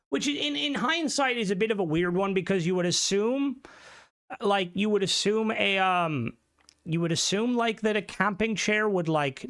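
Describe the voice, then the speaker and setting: A man's voice: high voice, a bit bright. Rambling, cursing man streamer. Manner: rambling, swears a lot. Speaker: livestream host. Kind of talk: casual live-stream chat.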